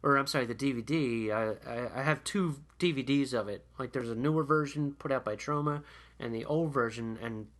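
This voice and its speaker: Podcast co-host, man, mid-pitched, casual chatty asides. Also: fairly quick. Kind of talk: casual chat.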